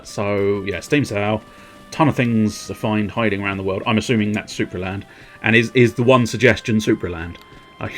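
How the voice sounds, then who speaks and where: A man's voice: fairly low pitch, a bit bright. A man casually commenting on his gameplay on a livestream, rambling and playful, humming tunelessly and swearing now and then.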